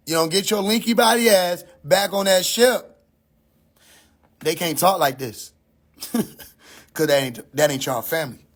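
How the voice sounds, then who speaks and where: High-voiced and measured, with long pauses, the streamer delivers a profane comedic rant, sounding disbelieving and scornful. He keeps asking the same questions again to drive the point home.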